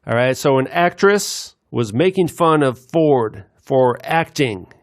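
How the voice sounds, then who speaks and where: Gravelly man rambling over clips. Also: medium pitch, expressive, no room sound, clean studio sound. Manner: meandering, with many filler pauses. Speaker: video commentator.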